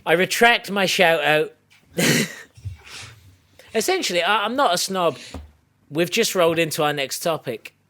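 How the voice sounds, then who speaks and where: A man's voice: sits high, expressive, measured pace, pauses often, sharp tone. A man co-hosting a podcast in casual banter, joking, swearing and playing mock-indignant. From United Kingdom. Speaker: podcast co-host.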